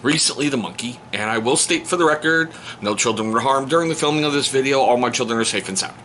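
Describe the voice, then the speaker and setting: Playful dad vlogger, a man with a bright, lively voice telling stories at home over a soft heater drone. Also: mid-range voice, fast talker, a little hiss or hum. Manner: joking, animated, playful. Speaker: vlogger and stepfather. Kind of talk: casual storytelling to camera. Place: home on a cold day. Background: heater running.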